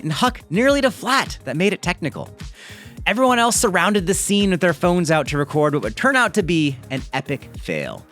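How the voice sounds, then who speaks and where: A man hosting a mountain bike video, reading a viewer's story aloud with chatty, joking asides. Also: high voice. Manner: lively, chatty, jokey asides.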